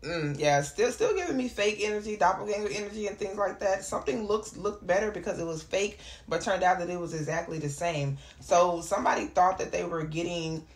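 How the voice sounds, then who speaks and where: A woman doing a casual tarot reading, chatty and prone to excited exclamations. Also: fairly low pitch, fairly quick, few pauses. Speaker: tarot reader. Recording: echoey room with clear background noise.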